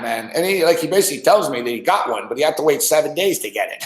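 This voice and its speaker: A man's voice: fairly high pitch, lively intonation, quick pace, fairly bright tone. A man hosting a podcast, telling a story in a loose, profane way and laughing often as he goes. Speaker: podcast host. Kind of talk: casual storytelling. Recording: echoey room.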